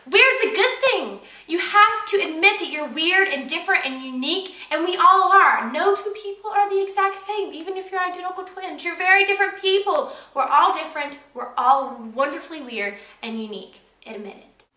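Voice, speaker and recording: A young woman with a high, bright voice gives an upbeat, emphatic motivational talk and keeps coming back to key words. She is recorded indoors, and the room echoes around her. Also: moderate pace, few pauses. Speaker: co-host. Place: indoor room with a kitchen counter.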